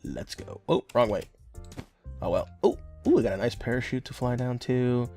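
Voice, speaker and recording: A man's voice: mid-range voice, moderate pace, dark tone, soft background music. A young man giving rambling, joking gameplay commentary as a gaming channel host. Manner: rambling, joking, filler-heavy. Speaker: gaming YouTuber.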